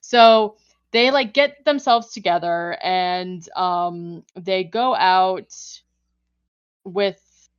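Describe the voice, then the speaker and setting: A woman's voice: on the low side, drawn-out words, clear, resonant tone, highs cut off. A woman podcast host casually recapping a horror film, talking loosely with lots of fillers and frequent laughs. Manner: chatty, many fillers like "like", laughs often. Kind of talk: casual movie recap chat.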